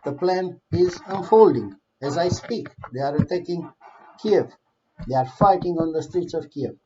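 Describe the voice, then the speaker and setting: A man's voice: a little high, animated, unhurried, noisy background. A man giving heated political commentary in a vlog, impassioned, swearing, with non-native English phrasing. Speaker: vlogger. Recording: dull lo-fi recording.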